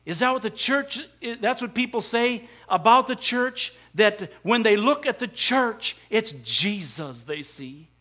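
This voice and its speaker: A man's voice: sits high, lively intonation, measured pace, hardly any pauses, bright, forceful tone, muffled recording. A man preaching a sermon, asking the congregation rhetorical questions and pressing his points with emphasis. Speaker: pastor.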